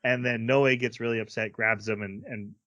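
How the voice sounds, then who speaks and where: In a dry recording, a man with a mid-range, steady, fairly bright voice co-hosts a casual podcast. He meanders through recapping an anime episode, dropping in quick acted-out quotes from the characters.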